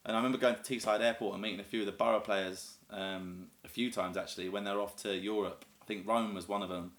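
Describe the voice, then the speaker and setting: A man's voice: fairly low pitch, fairly even intonation, quick pace, fairly bright tone. Chatty southern English guy in an echoey room. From North East England, raised in the south of England. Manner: chatty, rambling and enthusiastic, lots of fillers. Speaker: YouTuber. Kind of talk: casual chat to camera.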